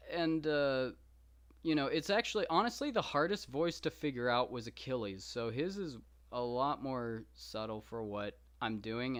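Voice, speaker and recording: A man from Texas chats casually with his viewers and answers their questions. He rambles, fills pauses with asides, and pokes fun at himself. His pitch sits in a middle range. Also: fairly bright tone, smooth. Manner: rambling, lots of fillers, self-deprecating asides. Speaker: podcast host reading the Iliad.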